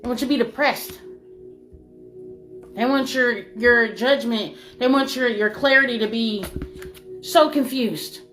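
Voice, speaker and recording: A woman giving a spiritual reading in an emphatic, repetitive way, swinging between loud and soft. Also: on the high side, measured pace, long pauses. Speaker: spiritual reader. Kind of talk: spiritual channeling monologue. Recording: music playing behind.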